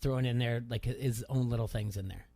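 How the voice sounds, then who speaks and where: A middle-aged man hosts a laid-back sports radio talk show, spinning a story and growing lively whenever he quotes someone. His voice sits in the mid range and moves at a brisk clip.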